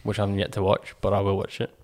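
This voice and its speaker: A man's voice: fairly low pitch, monotone, quick pace, a little mellow. A young man from Newcastle, Australia, with an Australian accent, hosting a casual sports podcast in an easygoing way, with plenty of ums. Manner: easygoing, uses fillers and mate. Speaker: podcast host.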